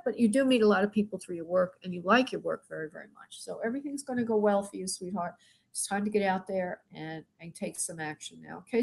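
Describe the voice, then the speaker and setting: A woman's voice: medium pitch, gravelly, darkish tone. A middle-aged woman, a spirit medium, gives live readings to callers, calling them sweetheart and honey and asking spirit yes-or-no questions. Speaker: spirit medium hosting a call-in show.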